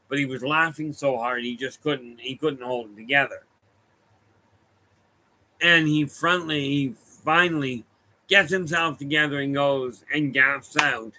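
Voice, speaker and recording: A man with a very bright, slightly high voice, speaking as a medium to a live room. He tells loose, rambling stories and keeps stopping to correct himself. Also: unhurried, low-quality recording. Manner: rambling, anecdotal, self-correcting. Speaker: medium giving a talk. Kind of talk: casual storytelling talk to a room and online viewers.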